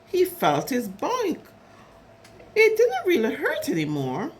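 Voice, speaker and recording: A woman reading a picture book aloud for small children, pausing to comment on each page. Her voice sits high and bounces widely in pitch. She takes her time, drawing out the words. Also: slight background noise. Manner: animated, chatty, commenting on the pictures. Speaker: storyteller for preschoolers.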